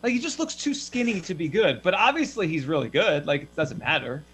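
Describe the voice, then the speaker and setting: High, lively sports podcast host. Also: male voice, fairly quick, slight background noise. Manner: animated, rambling with restarts. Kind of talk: casual sports chat.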